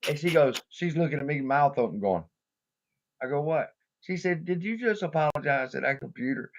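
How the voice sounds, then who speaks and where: A man's voice: a little high, expressive, moderate pace, a little hiss or hum. A man hosting a casual stream, telling crude, joking stories and laughing often. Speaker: stream host. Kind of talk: casual chat. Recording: muffled lo-fi stream audio.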